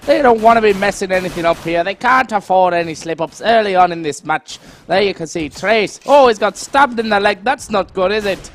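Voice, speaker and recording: Casting: man doing a hammy Northern Irish esports caster, high voice. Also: lightly acted. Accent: put-on Northern Irish. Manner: hammy, playful. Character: man commentating in a put-on Northern Irish accent. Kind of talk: esports play-by-play commentary.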